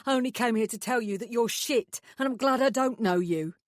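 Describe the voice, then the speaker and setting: A woman's voice: fairly high pitch, a little fast, no room sound, clean studio sound, lightly acted. Woman voicing an angry, snarling young man. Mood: furious. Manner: hostile, snarling.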